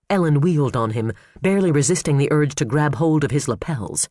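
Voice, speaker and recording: A man narrating a suspense novel in a measured, expressive read. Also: mid-range voice, no room sound, studio quality. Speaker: audiobook narrator. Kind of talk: scripted narration.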